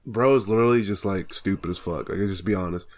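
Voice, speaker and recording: A young man with a slightly low voice co-hosts a casual podcast. His talk is slangy and profane, and he keeps it joking and loose. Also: fast. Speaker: podcast co-host. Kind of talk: casual chat.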